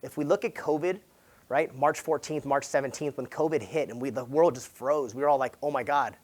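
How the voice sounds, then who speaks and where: A Southern California real estate agent delivers an energetic motivational keynote at a sales summit, speaking a little fast and telling stories casually, loaded with "like" and "right?". He's animated, acting out quoted dialogue with sudden big jumps in pitch and volume.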